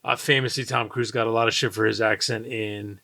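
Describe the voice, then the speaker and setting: Male co-host, bright forceful tone, excitable riffing delivery. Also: fairly low pitch, brisk, vocal fry. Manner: animated, excitable, swears and mimics lines. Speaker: podcast co-host. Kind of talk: casual film podcast chat.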